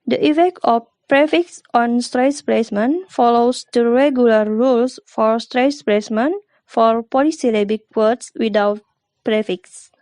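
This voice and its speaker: Slow young woman, dry sound. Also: fairly high pitch, a little mellow, no echo. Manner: measured reading with small restarts. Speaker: student presenter. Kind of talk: reading class presentation.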